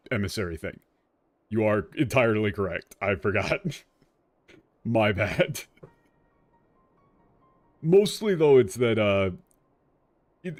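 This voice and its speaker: A man's voice: lowish voice, no room sound. Ranting male game streamer, dry sound. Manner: animated, ranting with laughs and restarts. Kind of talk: casual commentary while playing.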